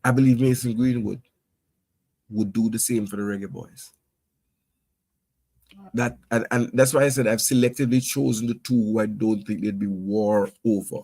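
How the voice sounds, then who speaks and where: A man's voice: fairly low pitch, fairly even intonation, moderate pace, long pauses, darkish tone, no echo. Guy talking football, stammers a lot, really dry close sound. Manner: stammering, conversational. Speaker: podcast co-host. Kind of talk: casual football chat.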